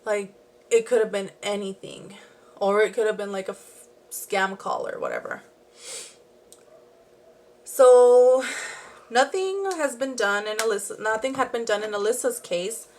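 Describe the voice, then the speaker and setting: A woman's voice: mid-range voice, unhurried, long pauses, a little mellow, a little hiss or hum. A young woman telling a true crime story in a chatty, rambling way while doing her makeup at home. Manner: chatty, rambling, with frequent "like" and asides. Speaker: beauty and true crime vlogger.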